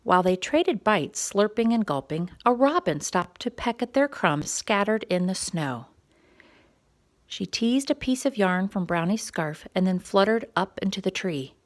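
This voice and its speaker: A woman reading a quiet story time picture book aloud for young children, gentle and expressive. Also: medium pitch, a little slow.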